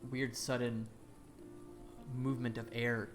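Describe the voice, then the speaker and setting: Man, game master, improvised fantasy narration, halting delivery, lots of ums and restarts, faint music behind. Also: medium pitch, little pitch movement. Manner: halting, many fillers and restarts.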